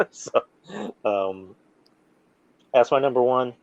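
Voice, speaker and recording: A man hosting a casual podcast, rambling excitedly through story recaps with lots of fillers. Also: medium pitch, drawn-out words, no room sound, muffled recording. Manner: rambling, animated fan recounting plots with many fillers. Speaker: podcast host. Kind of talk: casual chat.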